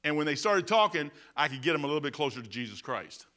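Midwestern American male pastor, mid-high bright voice, folksy and emphatic, preaching with rhetorical questions. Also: very animated, quick pace. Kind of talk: sermon.

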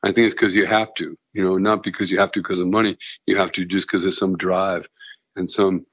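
A middle-aged man telling stories in casual chat, halting and full of restarts, with a self-deprecating manner. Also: low-pitched, flat delivery, a bit bright, husky, dry recording. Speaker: guest comedian and veterinarian. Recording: dull lo-fi sound.

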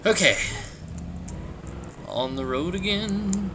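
A man giving joking gameplay commentary while playing, animated and quick to break into shouts and laughter. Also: sits high, background noise. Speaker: let's play gamer.

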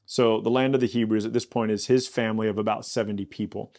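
Animated, jokey pastor teaching scripture. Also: male voice, fairly low pitch, quick pace, hardly any pauses. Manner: animated storyteller, jokey, builds to loud exasperation. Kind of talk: Bible study podcast teaching.

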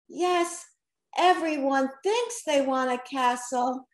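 A woman reading a storybook aloud, voicing a cheerful little girl who tells the story in an eager, expressive way. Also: high-pitched, slow pace, roomy sound. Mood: chirpy.

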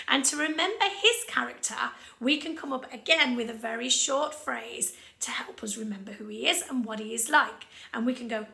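A woman's voice: high voice, normal speed, vocal fry, bright, forceful tone, reverberant. A woman teaching a children's music lesson, explaining step by step.

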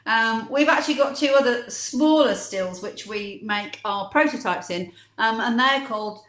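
A playful woman co-hosting a casual chat, her fairly high voice bouncing around a roomy space. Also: a bit bright. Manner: playful, quick to laugh. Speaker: co-host.

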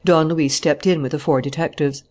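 This is scripted narration from an audiobook reader whose pitch is in the middle range. The delivery is calm and steady, like telling a story, keeping an even tone at an ordinary pace.

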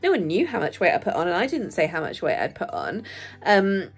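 A woman's voice: on the low side, huge pitch swings, fairly quick, husky. A woman vlogging candidly, chatty and rambling, laughing often and easily moved. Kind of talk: candid personal vlog.

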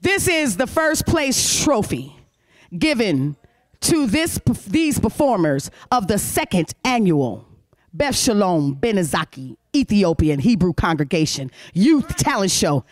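A woman's voice: medium pitch, measured pace, no room sound, studio quality. A woman hosting a congregation youth talent show, cheerfully calling up children and handing out awards, speaking. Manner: animated, cheering, calls out names. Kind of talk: lively emcee handing out awards. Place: congregation hall.

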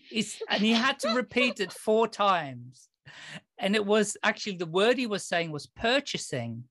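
A man's voice: high voice, very animated, unhurried, pushed and bright, no room sound, studio quality. A middle-aged man from the Netherlands, hosting a podcast and telling stories in a chatty way, laughing often. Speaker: podcast host. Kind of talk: casual interview chat.

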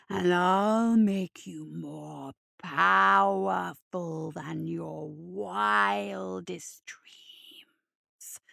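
A woman voicing an ancient, menacing ice spirit with a growling, drawn-out voice that often drops to a whisper, in a storybook reading. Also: gravelly, a bit bright, slightly rough, no echo, studio quality, exaggerated voice. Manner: slow, low, often whispered.

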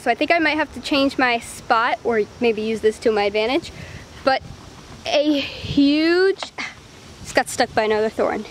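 Breathless high-voiced young woman outdoors. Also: slight background noise. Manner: chatty, rambling, breathless. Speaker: vlogger and dancer. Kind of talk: casual vlog chat. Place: outdoors in overgrown woods.

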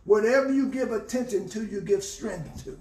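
A man's voice: high-pitched, normal speed, a little mellow, reverberant, far from the mic. A man with a Southern US accent, a pastor teaching a Bible study and preaching, repeating phrases for emphasis. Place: church.

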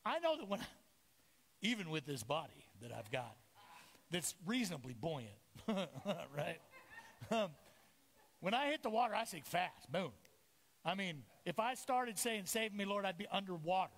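A middle-aged pastor delivers an animated sermon in a high, expressive voice that leaps up and down as he acts out the voices of the people in his story. He preaches in a church sanctuary, and his voice carries with a long reverb. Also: a little slow, gravelly, long pauses.

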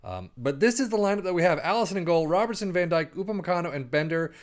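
A man casually commenting on his own football management game as he plays, thinking aloud and breaking into quick play-by-play. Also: sits high, lively intonation. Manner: chatty, rambling, thinks aloud, bursts into play-by-play. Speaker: gaming YouTuber.

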